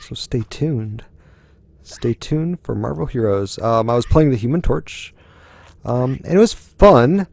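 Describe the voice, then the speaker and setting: A man's voice: mid-range voice, lively intonation, measured pace, vocal fry, a little mellow, no room sound. A young man giving rambling let's-play commentary, musing aloud with lots of ums as he plays. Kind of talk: gaming commentary.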